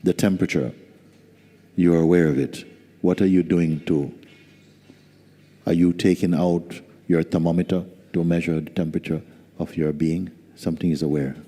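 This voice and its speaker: A man as spiritual teacher giving a slow, soft-spoken satsang talk with gentle humor. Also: deep voice, steady tone, breathy edge. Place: large hall. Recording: reverberant hall.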